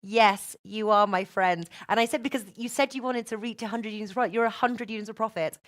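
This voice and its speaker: A woman hosting a betting show in casual chat, chatty and quick to laugh. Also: on the high side. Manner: chatty, laughs often, restarts. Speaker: host.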